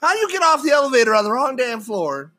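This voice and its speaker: A high-pitched man reacts eagerly in a casual co-host chat. He exclaims often and talks freely. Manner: excitable, quick to exclaim. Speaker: podcast co-host.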